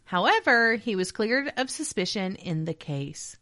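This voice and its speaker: A woman's voice: medium pitch, very animated, unhurried, sharp tone. A woman co-hosting a true crime podcast, reading out case notes in a newscaster tone between swearing and laughing banter.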